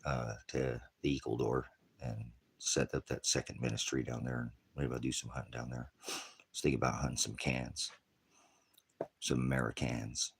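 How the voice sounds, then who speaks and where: A man's voice: a bass voice, little pitch movement, normal speed, husky. A retired male pastor preaching in a rambling, combative rant that jumps from topic to topic. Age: older.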